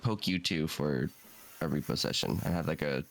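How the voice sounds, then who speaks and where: A man's voice: extremely low pitch, moderate pace. A man from Canada chatting on a live stream, often stumbling over the start of his sentences. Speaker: streamer friend. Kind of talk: casual live-stream chat.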